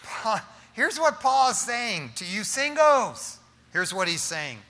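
A middle-aged man preaching as pastor, talking in an animated, casual way and often calling his listeners "man". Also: high-pitched, slow, long reverb tail. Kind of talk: sermon.

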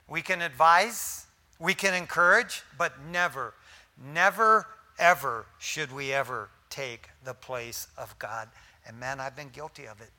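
A male pastor preaches in a folksy, animated way, full of slangy asides. His voice sits high for a man and rings very bright, and he swings between loud bursts of emphasis and hushed, almost whispered lines. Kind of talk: sermon.

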